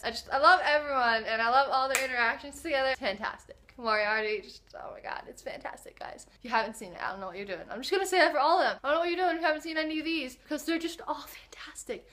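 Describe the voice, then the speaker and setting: A young woman talks straight to camera in a casual vlog, gushing and excitable. Her voice sits high and sounds bright and clear, with lots of enthusiasm packed into every line. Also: fast, hardly any pauses. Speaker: book and TV vlogger.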